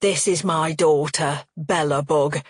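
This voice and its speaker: A woman reading an audiobook puts on an elderly father with dementia, a low, slowed, husky old man's voice. He drifts between clear-headed calm and bewildered alarm. The audiobook reading is close and dry, with no room sound. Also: no room sound, heavily acted. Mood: doting. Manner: low, slow, shifting from lucid calm to panicked shouting.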